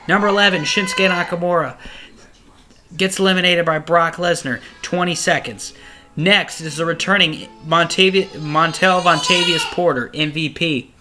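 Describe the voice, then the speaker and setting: Casting: young male podcast host, slightly high voice, bright and forceful, rambling and profane. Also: normal speed. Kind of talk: casual solo review.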